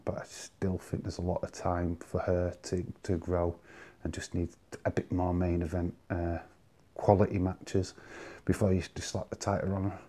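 Low-voiced man giving wrestling predictions. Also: mellow. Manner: chatty and opinionated, giving predictions. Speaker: wrestling vlog host. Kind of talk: casual solo commentary.

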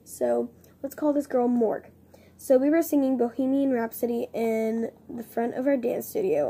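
Young female vlogger, high mellow voice, chatty, rambling, self-mocking. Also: measured pace, breathy edge. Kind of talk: casual vlog chat.

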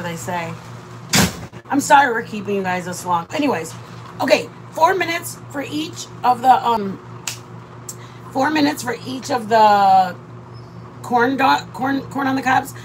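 High-voiced, rambling woman vlogger. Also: a little hiss or hum, poor audio. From Michigan. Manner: rambling, chatty, laughs often. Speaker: vlogger cooking with her partner. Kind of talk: casual live-stream chat. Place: RV campsite during a rainstorm.

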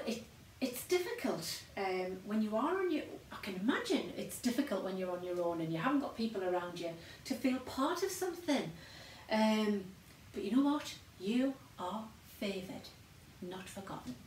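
A woman's voice: medium pitch, slight background noise. An older woman preaching an encouraging sermon, often repeating her points and laughing at herself. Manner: warm encouraging repetition with self-deprecating laughs. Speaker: pastor. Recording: echoey room from a distance.

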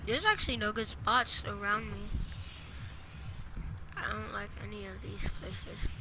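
A young male streamer chatting casually while playing an online game, quick to swear and rage. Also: high-pitched, background noise. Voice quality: excitable, swears casually, talks to chat. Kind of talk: casual gaming stream chat.

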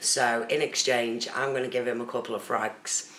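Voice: medium pitch, level tone, normal speed, fairly bright tone. A host chatting casually on a phone live stream, talking to viewers in the chat by name. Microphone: phone camera. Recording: roomy with faint background noise.

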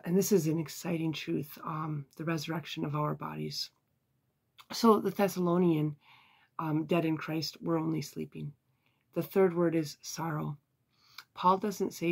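A Bible teacher giving an earnest, measured devotional lesson, with occasional sighs and fillers. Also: medium pitch, fairly even intonation, creaky, darkish tone, husky.

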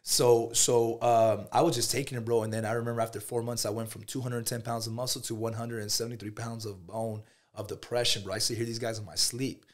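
A man's voice: mid-range voice, flat delivery. A man, a podcast guest, telling a personal story in a casual, slangy way, often saying "bro.". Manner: quick talker.

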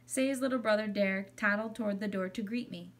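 A woman reading a children's chapter book aloud in a gentle, expressive way. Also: medium pitch, fairly quick, far from the mic. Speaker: audiobook reader.

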